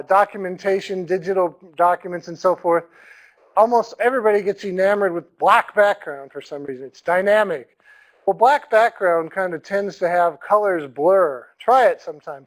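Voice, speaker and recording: A man teaching a recorded lecture to no live audience. He talks conversationally, repeats his points, and often clears his throat and says "um". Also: sits high, rough recording. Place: room without an audience.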